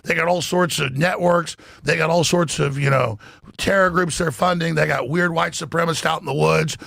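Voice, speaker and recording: Gravelly, husky man ranting on air. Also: on the high side, steady tone, moderate pace, a bit bright, no echo, studio quality. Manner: emphatic, profane, stumbling restarts. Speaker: talk radio host. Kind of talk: heated political commentary.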